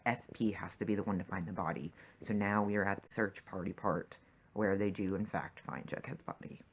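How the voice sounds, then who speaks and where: A man's voice: sits low, fairly even intonation, a little fast, slight background noise, low-quality recording. A man ranting emotionally about a TV episode as he reacts to it, swearing and exclaiming often. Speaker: TV reaction vlogger.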